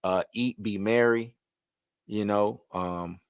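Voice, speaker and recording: A man hosting a live stream, ranting in loose, slangy casual talk that repeats itself and swings between loud and soft. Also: on the low side, fairly even intonation, slow, clean tone, no room sound, studio quality.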